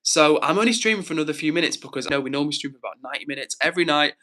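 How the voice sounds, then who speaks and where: A man's voice: fairly high pitch, lively intonation, very fast, bright, forceful tone. A man hosting a livestream, chatting casually and reading out viewers' comments in an upbeat, encouraging way. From England. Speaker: livestream host.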